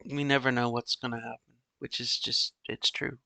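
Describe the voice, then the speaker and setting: A middle-aged man hosting a podcast alone, musing in a halting, rambling way with many "you know"s and restarts. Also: mid-range voice, flat delivery, creaky, sharp tone, no room sound. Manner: wistful, resigned musing. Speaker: podcast host. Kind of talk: casual solo monologue.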